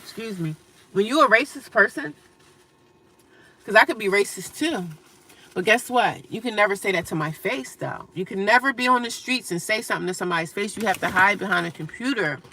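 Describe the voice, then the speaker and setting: A woman livestreamer talks back to her chat with a gravelly, fry-edged voice. Her tone is bright and forceful, and her delivery is blunt, profane and animated, with frequent laughs. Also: medium pitch, a little fast. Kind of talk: livestream chat reading comments.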